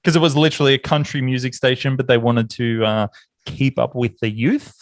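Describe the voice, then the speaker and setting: An Australian man co-hosting a podcast, chatting casually with a mate and telling stories in an animated way. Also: a little fast, dry recording. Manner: animated storyteller, rises in pitch when excited. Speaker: podcast co-host. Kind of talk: casual chat between mates. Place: home office.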